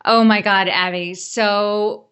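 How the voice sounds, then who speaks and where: A woman's voice: mid-range voice, steady tone, slow pace, a bit bright, clear, resonant tone. A woman hosting an interview podcast, supportive and emphatic, speaking to her guest and her listeners. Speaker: podcast host. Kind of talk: interview conversation.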